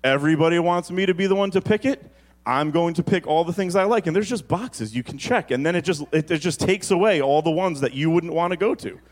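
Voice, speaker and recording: A man with a fairly high-pitched voice preaches as pastor, alternating between brisk storytelling and slow, lingering stress on important phrases.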